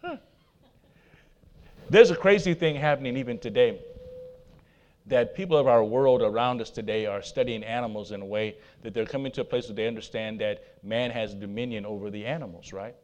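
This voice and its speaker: A man preaching a sermon, swinging between loud emphatic declarations and quiet asides to the congregation. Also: mid-range voice, fairly quick, lo-fi sound. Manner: laughs at himself, talks to the congregation. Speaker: pastor.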